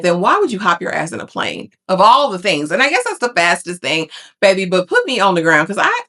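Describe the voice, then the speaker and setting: A woman's voice: mid-range voice, very animated, fast, sharp tone. A woman giving a casual, sassy TV recap, calling listeners honey and baby. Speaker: TV recap vlogger.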